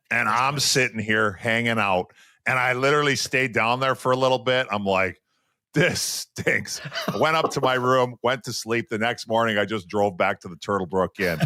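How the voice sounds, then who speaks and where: A man's voice: mid-range voice, no room sound, clean studio sound. A man in his forties from Western Canada, a former hockey player and podcast co-host, telling stories casually and acting out quotes. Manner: animated storyteller, acts out quotes. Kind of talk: casual storytelling.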